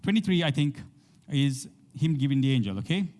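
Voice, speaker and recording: A man's voice: medium pitch, animated, brisk, a little mellow. A man preaching a sermon to a congregation, reading scripture aloud and often checking in with "okay?". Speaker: pastor.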